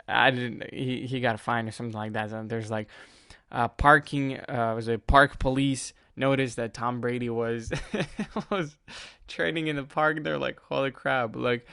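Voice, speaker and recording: A man's voice: medium pitch, steady tone, normal speed, fairly bright tone, clear, resonant tone, no echo, clean studio sound. A man hosting a casual solo sports podcast, rambling and chatty, often laughing at himself. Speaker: podcast host.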